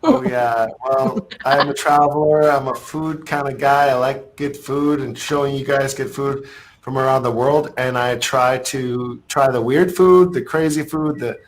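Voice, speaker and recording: A man's voice: mid-range voice, steady tone, a little slow, low-quality recording. A man who makes travel food videos, easygoing and chatty, plugging his channel on a livestream. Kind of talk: casual channel plug on a livestream.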